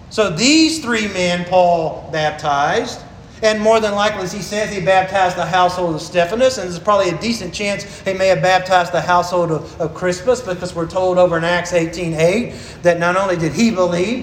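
A pastor preaches with a high, earnest voice, leaning hard on his key phrases and slowing down to stress them. The room is echoey and roomy, with a faint hiss of ambience underneath. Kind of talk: sermon.

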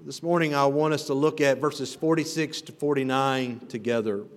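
A man's voice: medium pitch, steady tone, normal speed. A man preaching an expository sermon as pastor, earnest and building emphasis on repeated phrases. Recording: long reverb of a hall.

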